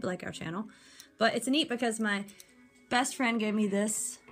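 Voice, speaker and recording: A woman's voice: medium pitch, a bit bright. Chatty woman reviewing jewelry. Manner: chatty, rambling with many ums. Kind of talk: casual product review.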